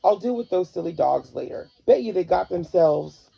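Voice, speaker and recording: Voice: mid-range voice, expressive, normal speed, lo-fi sound, faint music behind, exaggerated voice. A reader doing a grumpy old explorer. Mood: gruff. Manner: gruff, snapping. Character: grumpy older male explorer, the dogs' master.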